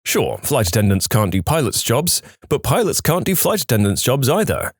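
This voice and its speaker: A man narrating posts from an online forum, reading them in a lively, expressive way with a touch of playful sarcasm. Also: mid-range voice, normal speed, breathy edge, no room sound, clean studio sound. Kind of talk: storytelling narration.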